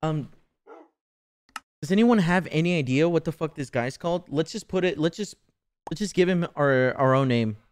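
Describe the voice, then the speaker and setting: Streaming a game, a twenty-something man chats loosely with plenty of cursing, ribbing and laughs. His fairly high voice is clean and expressive, at a moderate pace broken by long pauses.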